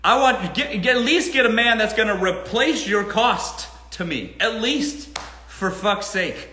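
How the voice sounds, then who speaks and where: A blunt, animated man hosts a casual live Q&A and swears freely. His voice is high and bright, and his pitch swings widely. The sound is roomy, with an echo around it. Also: unhurried. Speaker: host.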